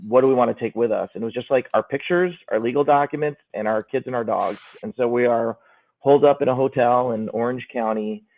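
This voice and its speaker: A man's voice: medium pitch, fairly even intonation, a little fast. A middle-aged man, a guest calling in from a hotel room, speaking earnestly and reflectively in a casual chat. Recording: tinny phone-like call audio.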